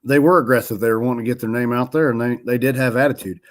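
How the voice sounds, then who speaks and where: A man's voice: medium pitch, fairly even intonation, rapid-fire. A man co-hosting a casual podcast, rambling and correcting himself as he recaps wrestling results. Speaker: podcast co-host. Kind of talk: casual chat about wrestling.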